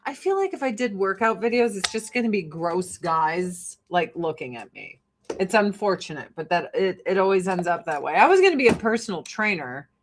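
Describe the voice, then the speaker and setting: A woman's voice: lowish voice, very animated, normal speed, background noise. An American woman in her forties talking casually while getting ready, brash and profane, laughing often. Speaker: vlogger. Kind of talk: casual get-ready-with-me chat.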